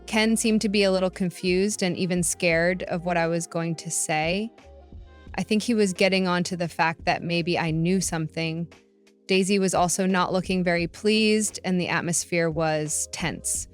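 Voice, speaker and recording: A woman tells a first-person revenge story, stressing the outrage in her words. Her voice is low, and faint music plays underneath. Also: fairly even intonation, moderate pace, clean tone. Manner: emphatic, indignant. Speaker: story narrator.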